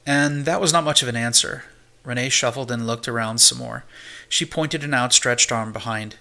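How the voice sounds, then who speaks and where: A man reading a science-fiction audiobook as an amateur narrator, in a steady, measured way. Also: medium pitch, creaky.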